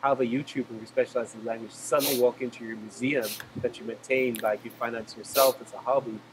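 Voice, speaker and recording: A man's voice: medium pitch, steady tone, noisy background. A man who is a language YouTuber, telling travel stories with enthusiasm in a casual video call chat. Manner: fast, enthusiastic storytelling.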